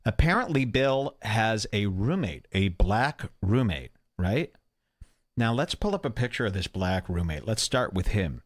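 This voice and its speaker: A man's voice: fairly low pitch, big pitch swings, measured pace, dry recording, clean studio sound. A man hosting a casual comedy podcast, mocking people and reading their posts aloud in sarcastic tones. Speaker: podcast host.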